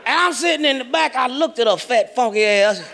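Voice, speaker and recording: A man from Kansas City performing a profane stand-up comedy set, telling stories loudly and acting out the other people in them. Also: very high voice, expressive, a little fast, vocal fry, noisy background. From Kansas City, Missouri. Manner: profane, loud storytelling with acted-out voices. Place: comedy stage before a large audience. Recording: live stage mic with a laughing crowd.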